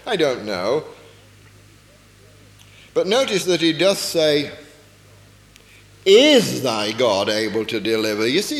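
A man preaching a sermon, explaining a Bible passage earnestly and often asking rhetorical questions. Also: high voice. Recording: echoey hall with long reverb.

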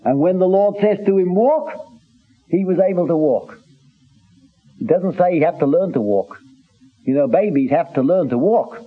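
A man preaching a sermon in an earnest, halting way, with many restarts, reading scripture in old-fashioned phrasing. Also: on the high side, expressive, husky, soft background music. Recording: tinny phone-like recording.

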